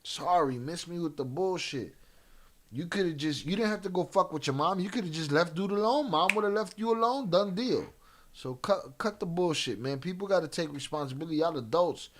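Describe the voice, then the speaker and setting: A man's voice: on the high side, lively intonation, fairly quick. A man hosting a live reaction stream, talking bluntly and profanely and reading out donation messages. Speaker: host reacting to a video. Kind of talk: casual reaction chat.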